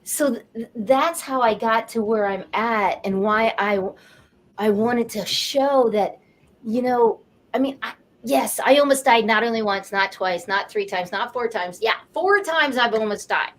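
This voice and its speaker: Talk show guest, woman, late 50s, higher voice, animated and heartfelt storyteller. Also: a little slow. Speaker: guest, energy coach. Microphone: studio or video call mic.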